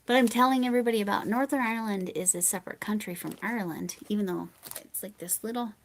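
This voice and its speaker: An American woman hosting a livestream, chatting casually with viewers and reading their comments. She rambles and drifts into soft mumbled asides. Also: medium pitch, quick pace, slight background noise. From United States. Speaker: livestream host.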